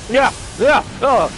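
A man casually commenting on his own gameplay, excitable, exclaiming and playfully taunting enemies into a desk mic. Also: very high voice, slight background noise. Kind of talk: casual let's-play commentary. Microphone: personal desk mic.

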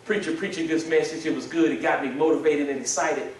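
A high-pitched male pastor preaching in a big echoing sanctuary, heard from some distance off the mic. He swings from hushed pleading to shouted prayer. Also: fairly even intonation, quick pace, a little hiss or hum. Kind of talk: sermon. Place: church sanctuary. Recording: echoey church hall, mic at a distance.

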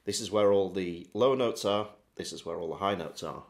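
Relaxed man teaching harmonica. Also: sits low, moderate pace, gravelly, heavy background noise. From England. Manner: friendly, relaxed step-by-step demonstrating. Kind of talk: casual video lesson.

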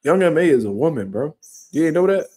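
Laid-back profane man with a mellow voice. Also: on the high side, sing-song, fast, husky. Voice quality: profane, laid-back slang-heavy talk. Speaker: livestream host. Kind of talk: casual livestream chat reading comments. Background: quiet room at home.

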